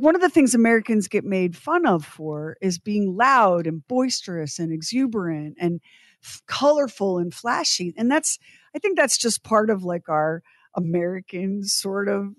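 A woman's voice: mid-range voice, expressive, a little slow, dry recording. Woman co-host, musing, conversational, dry close mic. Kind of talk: casual interview chat.

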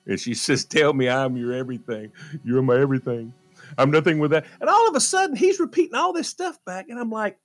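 Animated man acting out movie lines. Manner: acts out the characters' lines in a low voice while retelling; laughs often while talking. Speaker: radio show regular. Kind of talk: animated comic movie recap.

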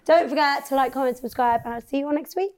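A young English woman with a high, bright-pitched voice hosts a podcast. She talks in loose, casual chat and laughs easily, with a cheeky, swearing streak. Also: fast, slight background noise. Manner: chatty, laughs often, swears freely. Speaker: podcast host.

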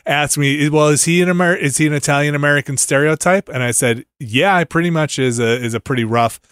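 A man's voice: on the high side, fairly quick, fairly bright tone, clean tone, no echo, clean studio sound. A man hosting a podcast in casual chat, laughing often and trailing off into mumbles. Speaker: podcast host.

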